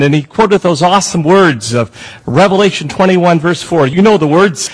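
A man's voice: fairly high pitch, lively intonation, normal speed, slightly rough, poor audio. A man preaching a sermon as pastor, with a prayer and emphatic questions to the congregation.

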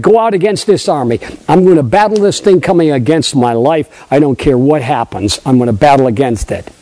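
An older male preacher with a high, pitched-up voice delivers an emphatic sermon. He swings between ringing declarations and quiet, low asides, repeating phrases and asking the congregation to answer back. The sound is dry and close, with little room echo.

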